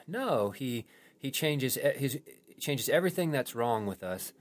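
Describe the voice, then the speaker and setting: A man's voice: medium pitch, lively intonation. A man who is a pastor, talking through a sermon on a podcast in a thoughtful way with frequent restarts. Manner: thoughtful, halting with many restarts. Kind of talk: post-sermon podcast discussion.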